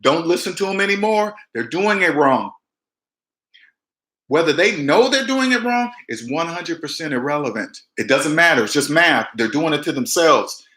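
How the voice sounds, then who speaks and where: A man giving emphatic personal finance advice straight to camera, mimicking people with big jumps in pitch. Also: expressive, moderate pace, bright, forceful tone, echoey room. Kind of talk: direct-to-camera advice talk.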